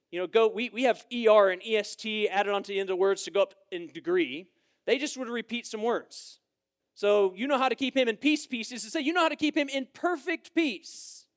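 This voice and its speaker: A young man preaching a sermon at a church camp, emphatic and repetitive, swinging between loud declarations and quieter explanation. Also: sits high. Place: church camp meeting room.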